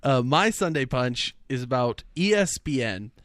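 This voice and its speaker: A man's voice: medium pitch, animated, unhurried, fairly bright tone, no echo, studio quality. A man co-hosting a casual sports talk show, easygoing and telling stories between laughs. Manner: easygoing, laughs often, storytelling. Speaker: co-host.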